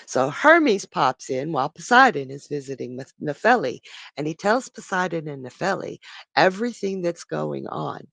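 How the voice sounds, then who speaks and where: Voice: mid-range voice, big pitch swings, moderate pace, vocal fry, sharp tone. A psychic telling an ancient myth on a casual live stream, chatty and laughing at their own jokes. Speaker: psychic storyteller.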